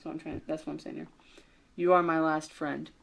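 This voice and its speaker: A man's voice: a little high, level tone, fairly quick, gravelly, fairly bright tone. A young man co-hosting a casual podcast, rambling through an improvised story with lots of fillers and restarts, joking along the way. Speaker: podcast co-host.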